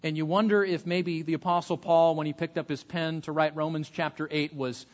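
Earnestly preaching to what sounds like his congregation, a man with a fairly high voice keeps restarting his sentences with repeated words. A long hall echo hangs over the muffled recording.

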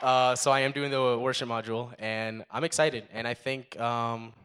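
A young man from the United States sharing a personal faith testimony, earnest and halting with many fillers. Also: mid-range voice, steady tone, fairly bright tone, clean tone. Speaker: testimony speaker.

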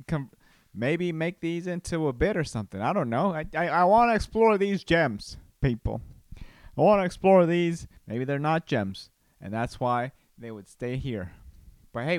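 Playful rambling man, smooth dry voice. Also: a little high, no room sound. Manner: rambling, playful, does silly voices and quick exclamations. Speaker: podcast host, comedian. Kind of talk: casual solo podcast musing. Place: home room. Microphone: studio microphone.

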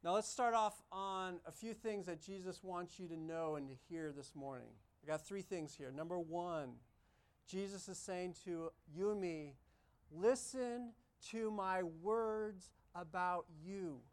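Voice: mid-range voice, fairly even intonation, moderate pace, clean tone. A pastor preaching a sermon during a church service, talking emphatically, repeating key phrases and asking the congregation questions. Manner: emphatic, repetitive, asks the congregation many questions.

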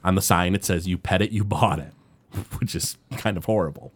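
A man's voice: deep voice, moderate pace, slightly rough. A man co-hosting a podcast, recapping a cartoon episode in casual chat and acting out the quotes as he goes. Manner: animated storytelling, acts out quotes in exaggerated voices. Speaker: podcast co-host.

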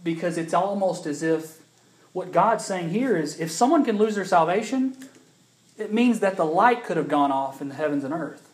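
A man's voice: high-pitched, animated, moderate pace. Male pastor, chatty sermon voice that builds to emphatic preaching, echoey room. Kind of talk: sermon with personal story.

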